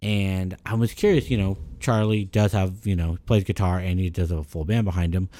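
A man's voice: low-pitched, a little fast. A man co-hosting a podcast in casual chat, rambling and swearing freely, getting heated when he rants. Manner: rambling, profane, animated when ranting. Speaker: podcast co-host.

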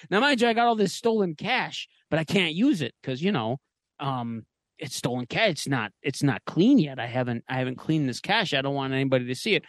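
Animated man telling a goofy story. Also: on the high side, brisk, dry recording. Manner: rambling and crude, laughing at his own jokes. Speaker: podcast host. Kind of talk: comedic spooky storytelling.

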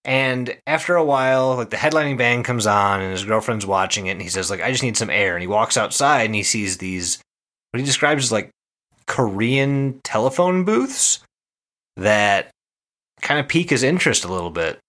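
A man's voice: medium pitch, expressive, normal speed, pushed and bright. A man on a podcast, casually telling a story in a laid-back way. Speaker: podcast co-host. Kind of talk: casual chat.

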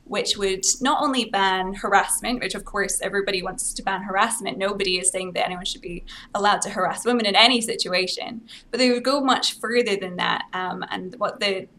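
A young Scottish woman whose speech carries a faint American lilt, talking as a podcast guest. She explains things in an articulate, earnest way at a middling pitch. A faint background noise sits under her voice. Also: a little fast, few pauses, sharp tone. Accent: Scottish with an American-sounding lilt. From Scotland. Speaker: guest advocate. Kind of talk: podcast interview.

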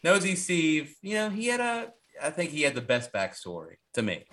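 A man co-hosting a podcast, casually recapping a horror movie in a rambling, profane, animated way. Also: a little high, moderate pace. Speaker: podcast co-host.

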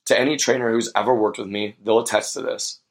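Earnest young man with a lowish voice. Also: steady tone, quick pace. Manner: earnest and reflective, with many fillers. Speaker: podcast host. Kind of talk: personal storytelling monologue.

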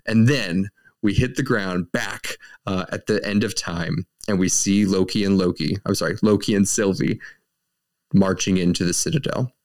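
A man's voice: low-pitched, steady tone, moderate pace, darkish tone. A man co-hosting a podcast, recapping a show in a rambling, casual way with lots of fillers and restarts. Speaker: podcast co-host.

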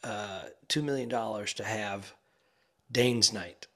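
A man co-hosting a podcast, talking casually and rambling from a quiet bedroom. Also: fairly low pitch, slow pace. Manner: rambling, relaxed, trails off into murmurs. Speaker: podcast co-host. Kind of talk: casual chat. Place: quiet ensuite bedroom in a busy rental house. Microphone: remote podcast recording.

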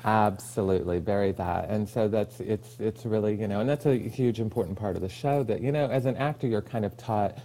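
A man's voice: fairly low pitch, a little fast, few pauses. A man from Oklahoma, a guest on a podcast, telling stories in casual chat and acting out the lines he quotes. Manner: animated storyteller, acts out quoted lines, laughs easily.

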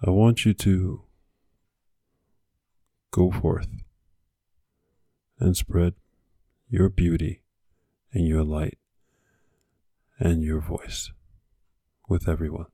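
A man's voice: sits low, creaky, mellow, husky, dry recording, studio quality. A man hosting a podcast, delivering an earnest motivational monologue with repeated exhortations. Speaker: podcast host.

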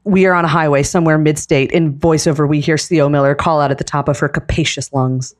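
A woman reading the stage directions aloud in a live script reading, in a steady, deliberate manner. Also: deep voice. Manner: steady, deliberate, with occasional laughs.

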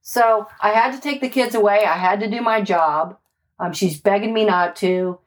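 Speaking at a moderate pace with a medium pitch, she's a homicide detective casually recalling her street days. The storytelling is animated and emphatic, laced with swearing and constant "like"s and "right?"s.

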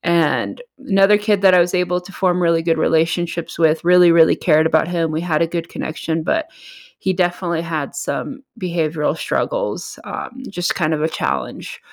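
A woman's voice: fairly low pitch, moderate pace. A woman guest who works supporting at-risk youth, telling a moving story in a heartfelt way with many fillers. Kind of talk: emotional storytelling.

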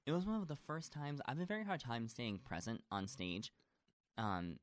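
A man's voice: medium pitch, sing-song, normal speed, no echo, studio quality. A man in a casual chat, a stage actor talking at length, gushing and rambling with lots of fillers.

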